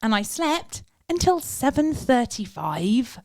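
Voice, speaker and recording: A woman's voice: fairly high pitch, slow pace, gravelly, no echo, studio quality. A woman in her forties, a podcast co-host, telling stories with lots of laughs and acted-out quotes. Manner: animated storytelling, acting out quotes with laughs. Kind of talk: casual chat.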